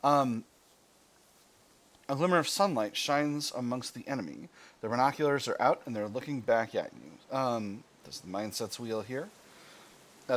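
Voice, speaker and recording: A man's voice: mid-range voice, expressive, normal speed, long pauses. American man reading game text aloud. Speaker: gaming channel host.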